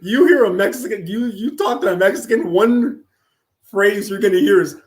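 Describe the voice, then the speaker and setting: A man from Los Angeles, California, with a high-pitched voice and a moderate pace chats casually on a live stream. He reads chat aloud, cracks crude jokes, and laughs often.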